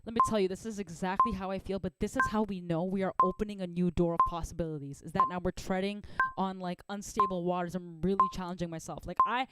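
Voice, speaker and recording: A woman's voice: mid-range voice, very noisy. A woman teaching a live online drum lesson, upbeat and encouraging, counting beats aloud over her playing. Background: drumming.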